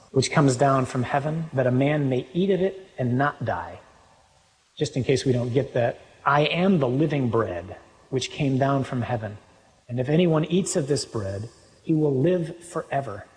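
A man's voice: medium pitch, normal speed. Man preaching in an echoing hall. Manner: animated, reads scripture aloud with rising emphasis. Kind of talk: sermon with scripture reading. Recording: long hall reverb.

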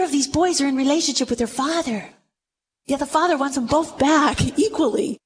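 A woman preaching a sermon to a room, retelling a story with animated, dramatic delivery. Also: sits high, a little fast, slight background noise, low-quality recording. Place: room with audience.

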